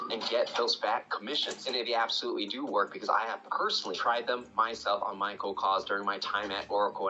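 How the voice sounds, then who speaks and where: A man's voice: lowish voice, muffled recording, noisy background. A man teaching cold-calling techniques in a casual, coaching tone, often checking in with "right?" and acting out sample phone calls. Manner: conversational, coaching, frequent "right?". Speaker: sales trainer. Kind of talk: YouTube sales tutorial.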